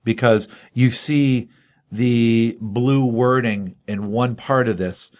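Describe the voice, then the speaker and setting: A man hosting a casual comic book chat, excitedly retelling a story in a loose, rambling way. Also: medium pitch, takes it slowly. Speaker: comic book podcast host.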